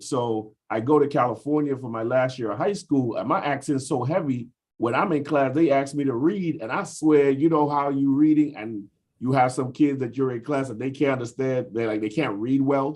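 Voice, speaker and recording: A man's voice: mid-range voice, normal speed, a little mellow, husky. A man from the US Virgin Islands, talking over a video call in a casual group discussion and explaining at length with frequent fillers.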